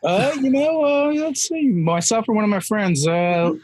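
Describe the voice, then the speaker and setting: A man playing a tabletop game, eager and animated about his character's attacks. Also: high-pitched, measured pace. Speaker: player.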